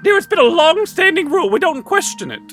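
A man's voice: very high voice, sing-song, fast, a bit bright, soft background music, pitched above the performer's own voice, exaggerated voice. A man voicing a prim, fussy elderly wife in an improvised comedy sketch, doting and proper, calling everyone dear. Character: prim elderly wife fussing over etiquette.

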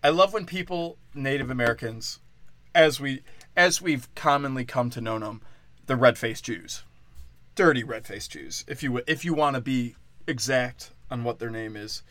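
A man's voice: mid-range voice, normal speed, a bit bright, no room sound. A tipsy man hosting a podcast, delivering a crude, rambling comedic monologue and often breaking off mid-thought. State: tipsy from tequila.

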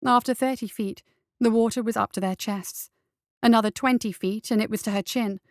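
Woman narrator, steady, even, audiobook reading, dry sound. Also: fairly high pitch, moderate pace, no room sound.

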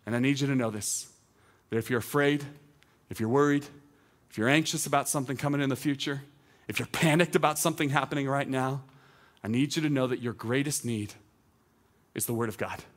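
A man's voice: mid-range voice, steady tone, brisk, long pauses. A man, a teaching pastor, preaching a conversational sermon outdoors, often repeating words and building to urgent, raised appeals. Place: outdoor service.

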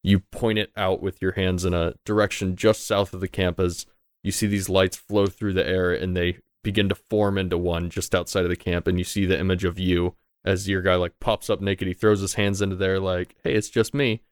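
A man with a deep, smooth and resonant voice narrates as the game master of a tabletop role-playing game. He describes scenes loosely and casually, with plenty of fillers, recorded close and dry. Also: level tone, normal speed, no echo.

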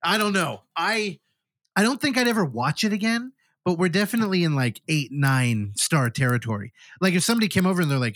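Man, podcast co-host, casual movie recap, animated delivery, slightly high voice. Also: a little fast, no room sound, studio quality. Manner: animated storyteller, acts out characters' lines. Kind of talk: casual film review chat.

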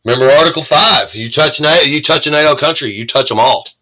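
An American man reads the news aloud and reacts with an angry, sarcastic, profanity-filled political rant. His fairly high voice is bright and forceful at a quick pace, and the recording quality is low.

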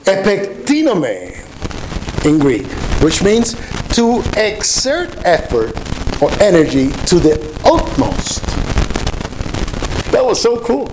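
A man's voice: high voice, sing-song, slow pace, noisy background. A man preaching a sermon, earnest and emphatic, often restarting his words. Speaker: pastor.

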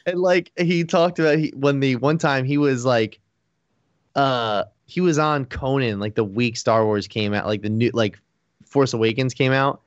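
A man's voice: mid-range voice, moderate pace, no echo. A man hosts a podcast in loose casual chat. He rambles, leans on "like" constantly and laughs often. The recording is dull and lo-fi, with a dry, close sound. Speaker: podcast host.

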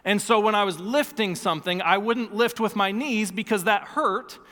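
Thirties pastor guy preaching in church, high voice, earnest, hammers his points home, lots of echo. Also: moderate pace, sharp tone. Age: 30s. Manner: earnest, emphatic, repeats key phrases. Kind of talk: sermon. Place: church sanctuary.

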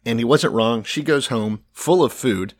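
A man's voice: medium pitch, a little slow, dry recording. A man co-hosting a casual podcast, retelling a scripture story in his own words with dry jokes. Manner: dry, joking paraphrase. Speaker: podcast co-host.

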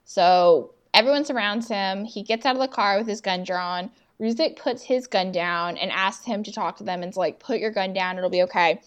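A young woman co-hosting a podcast casually recaps TV scenes, acting out the characters' lines in a chatty way. Her mid-range voice moves at a normal speed with hardly any pauses.

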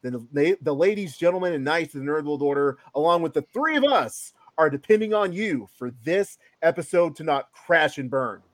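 A man's voice: fairly high pitch, animated, moderate pace, hardly any pauses. A man hosting a podcast, introducing his co-hosts in a hyped announcer style and leading casual chat. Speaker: podcast host.

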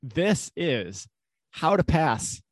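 A man's voice: on the high side, sing-song, drawn-out words, dry recording. Laid-back Minnesotan man, dry close sound. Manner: laid-back, chuckling often. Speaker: podcast co-host, actuary. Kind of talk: casual chat. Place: home.

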